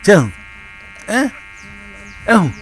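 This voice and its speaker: Animated man telling a story. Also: sits high, extremely slow, very noisy. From Ghana. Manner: animated storytelling, switching between Twi and English. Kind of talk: casual chat.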